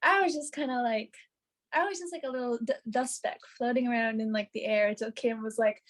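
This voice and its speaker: A woman's voice: sits high, lively intonation, brisk. A young woman telling a story in casual podcast chat, bubbly and giggly, with lots of fillers. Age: young adult. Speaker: hair and makeup artist.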